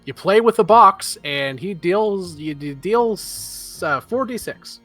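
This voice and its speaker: Man game master, slow and bright, narrating with many ums. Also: high-pitched, soft background music. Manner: relaxed, with filler pauses.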